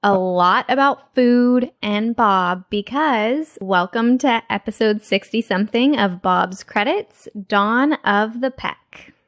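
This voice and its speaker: A woman co-hosting a podcast in casual chat, bubbly and enthusiastic, quick to laugh. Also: a little high, a bit bright. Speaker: podcast co-host.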